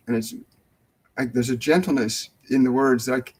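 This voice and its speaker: Soft-spoken man giving readings. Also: mid-range voice, normal speed, breathy edge, rough recording. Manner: gentle and hesitant, relaying messages with many fillers and restarts; soft, dropping almost to a whisper when relaying tender messages. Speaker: psychic medium hosting a live show. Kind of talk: casual live mediumship reading.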